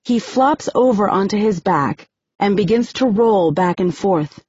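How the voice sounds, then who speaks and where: A woman narrating a novel in the first person, steady and measured, on a dry, muffled recording. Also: medium pitch, husky, no room sound. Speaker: audiobook narrator.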